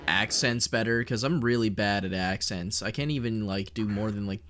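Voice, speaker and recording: A young Canadian man streaming, chatting casually with his chat in a fairly monotone voice, swearing and joking as he rambles. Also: on the low side, normal speed. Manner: rambling, profane, jokey, reads and answers chat.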